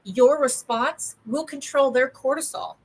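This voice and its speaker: A woman in her thirties co-hosting a casual podcast, speaking in a fairly high voice. She tells stories with lots of energy and slips into the voices of the people she talks about. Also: unhurried, slightly rough, low-quality recording. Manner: animated storyteller, acts out voices. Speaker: podcast co-host. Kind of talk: casual chat.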